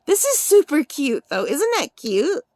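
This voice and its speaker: A woman's voice: high-pitched, very animated, unhurried, darkish tone, dry recording, studio quality. A woman hosting a craft channel, unboxing a gift in a casual vlog, giggly and gushing, rambling, overtired on little sleep.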